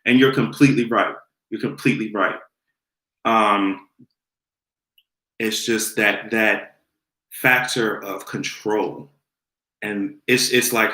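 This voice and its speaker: A man's voice: lowish voice, fairly even intonation, slow, pauses often, sharp tone, reverberant. A man hosting a casual commentary vlog, sassy and profane, laughing often as he talks. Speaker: host.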